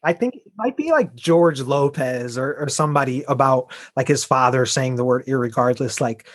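A man from Chicago co-hosting a podcast, easygoing and quick to laugh as he introduces segments. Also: mid-range voice. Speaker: podcast co-host, bartender. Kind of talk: casual chat and segment intro.

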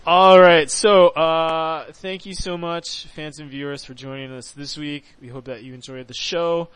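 Male podcast host, slightly higher voice, upbeat, jokey and casual. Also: fairly even intonation, fairly bright tone, clean tone, poor audio. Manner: upbeat, joking, drawn-out sign-off.

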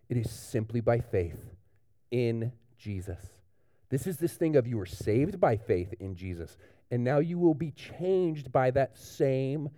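A man preaching a children's sermon in church, telling a picture-book story in a lively, animated way to the young ones. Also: medium pitch, no echo, studio quality. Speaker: pastor.

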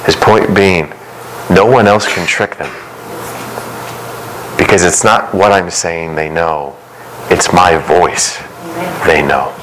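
A middle-aged man preaching a sermon as pastor, earnest and emphatic, his pace shifting from quick runs to slow, stressed words. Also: deep voice, steady tone, fairly bright tone, a little hiss or hum, low-quality recording.

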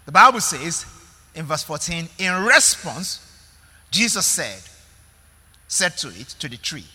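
A man's voice: a little high, pushed and bright, in a large hall. A male pastor preaching a sermon in an emphatic way, repeating words and calling out to the congregation.

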